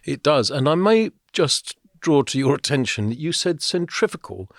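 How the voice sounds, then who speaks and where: A man's voice: on the high side, animated, moderate pace, dry recording, studio quality. A man co-hosting a motor racing podcast, telling stories in a chatty, rambling way with fillers. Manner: chatty, storytelling, with fillers and laughs. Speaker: podcast co-host. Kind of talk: casual podcast chat.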